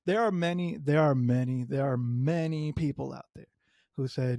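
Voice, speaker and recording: A man hosting a solo motorsport podcast, a native Spanish speaker talking in English, animated and emphatic with strong opinions. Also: a little high, moderate pace, creaky, no room sound, studio quality. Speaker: podcast host.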